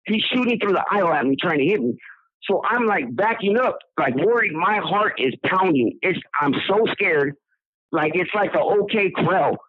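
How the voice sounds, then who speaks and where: A man's voice: high-pitched, animated, moderate pace, no room sound. A man from Southern California telling his own story in a rambling, casual way, repeating words and acting out what people said. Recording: dry tinny phone line.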